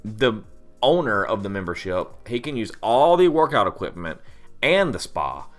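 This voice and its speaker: A man's voice: lowish voice, very animated, moderate pace, faint music behind. A young man co-hosting a podcast, chatting casually and animatedly, telling stories and laughing easily. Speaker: podcast co-host. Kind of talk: casual chat.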